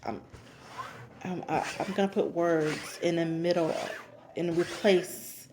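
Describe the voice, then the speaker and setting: Woman, casual recap vlogger, somewhat low voice, talkative, repeats her points, no cursing. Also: steady tone, slow, background noise. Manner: chatty, repeats herself for emphasis; avoids cursing. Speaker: reality TV recapper.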